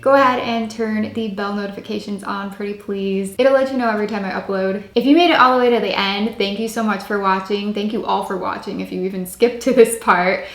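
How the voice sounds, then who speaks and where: A woman's voice: fairly even intonation, brisk, few pauses. Dry-voiced young woman vlogger. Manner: dry, low-key delivery with little pitch range. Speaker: craft channel host. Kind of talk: casual product-testing vlog. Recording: echoey room with faint hiss.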